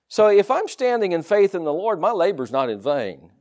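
A pastor with a Southern US accent delivers a loose, folksy sermon to his congregation, peppered with asides and quick laughs. His voice runs a little high for a man and rises and falls with lively energy.

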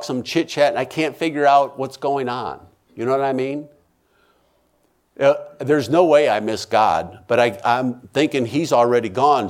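A man who is a minister, telling an emotional personal testimony, repeating phrases for emphasis and swinging from loud pleading to hushed tones. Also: mid-range voice.

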